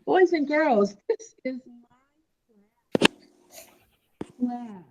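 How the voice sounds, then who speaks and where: High-voiced woman teacher, slow, sing-song phonics drills over a video call. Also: animated, highs cut off, noisy background. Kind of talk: live online phonics lesson for young children.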